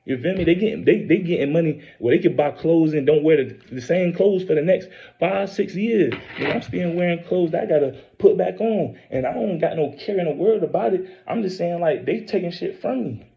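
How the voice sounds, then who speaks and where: A man's voice: on the high side, expressive, vocal fry. Preachy, rambling man on lo-fi audio. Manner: preachy, rambling, repeats phrases, swears; reads scripture aloud haltingly. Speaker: self-posting religious speaker. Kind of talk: informal religious monologue. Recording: dull lo-fi recording.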